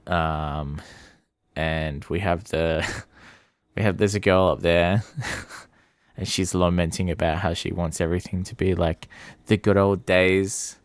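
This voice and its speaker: A man with a very deep voice and a slow, unhurried pace co-hosts a film podcast. He talks hesitantly with many fillers. His voice sounds close and dry. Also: fairly even intonation, no echo. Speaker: podcast co-host. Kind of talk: casual film review chat.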